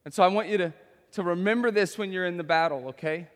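A man's voice: sits high, quick pace, big-room sound. A man in his thirties preaching a sermon as a pastor, conversational, tossing in tag questions and stories from home.

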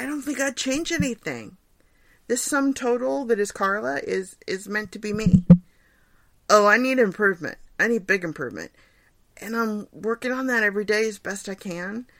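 A mid-range female voice, with no room sound, belongs to a podcast host in her forties. Working solo from a home recording setup, she keeps things casual and chatty, laughs often, and pokes fun at herself while answering questions.

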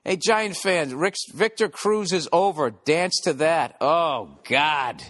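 Here the middle-aged podcast host's voice is fairly high and fairly bright, and he takes it slowly. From home, with construction noise below, he rants in a casual monologue laced with profanity, sarcasm and mocking voices.

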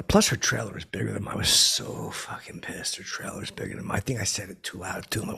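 A man's voice: fairly low pitch, a little fast, vocal fry, sharp tone, husky. A middle-aged man hosting a comedy podcast, telling a rambling comic story full of fillers and profanity.

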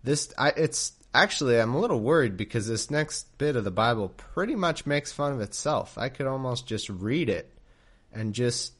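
A man's voice: mid-range voice, lively intonation, moderate pace, fairly bright tone, breathy edge. Guy doing a comedic bible read-through, jokey, laughs a lot, keeps tripping over his words, ordinary mid voice. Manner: joking, laughing, rambling with restarts. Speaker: podcast host. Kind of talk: comedic Bible reading and commentary.

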